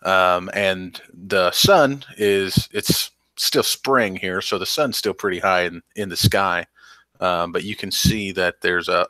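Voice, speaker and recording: Deep bright-toned male game master. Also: no echo. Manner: loose, rambling narration with many ums. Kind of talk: narrating a tabletop game.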